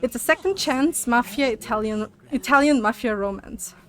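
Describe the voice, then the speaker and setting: A woman's voice: fairly high pitch, moderate pace. A young woman streaming live, chatting and swearing animatedly, a little out of breath from walking on a walking pad. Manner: animated, swearing, laughs often. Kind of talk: casual chat with live chat.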